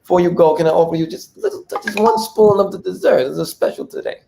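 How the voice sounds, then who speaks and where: A man putting on a pushy high-voiced server. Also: quick pace, vocal fry, noisy background. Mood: wheedling, insistent. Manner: insistent, wheedling. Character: pushy overeager restaurant server with a vague foreign accent.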